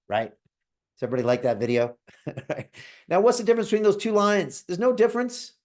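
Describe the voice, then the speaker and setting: A man hosting a live call and giving a motivational pitch, speaking emphatically, calling on listeners by name and asking "right?" again and again. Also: animated, fast, a little mellow. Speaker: host pitching an investment club.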